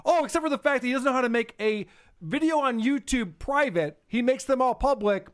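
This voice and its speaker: A man's voice: very high voice, expressive, a little fast. A man hosting a podcast, joking and mocking in casual banter. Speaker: podcast host.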